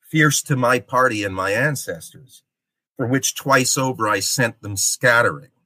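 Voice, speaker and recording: A proud noble male heretic, as a lecturer reads him out, speaking slowly and with measured weight. The tone is bright and forceful, and the sound is dry and close. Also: mid-range voice, no room sound. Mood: stately.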